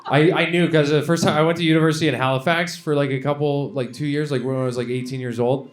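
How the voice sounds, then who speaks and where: A man's voice: on the high side, steady tone, quick pace. A man from Edmonton, Canada, doing a stand-up set on stage, rambling and self-deprecating with lots of fillers. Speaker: stand-up comedian. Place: comedy stage with live audience. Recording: live stage recording, loud noise.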